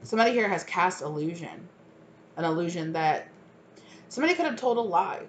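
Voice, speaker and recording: A woman with a lowish voice talks her way through a tarot spread, naming cards and musing out loud in a loose, chatty flow. A faint hiss sits under her voice. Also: lively intonation, fairly quick. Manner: thinks aloud, calling out cards with frequent "like". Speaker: tarot reader. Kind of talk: casual tarot card reading.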